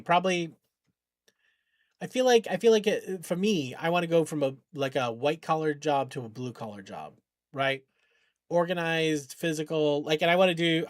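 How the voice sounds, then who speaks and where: Casual male game streamer, fairly high voice, rambling, swears under frustration, close dry sound. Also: no room sound. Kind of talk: casual live-stream chat while gaming.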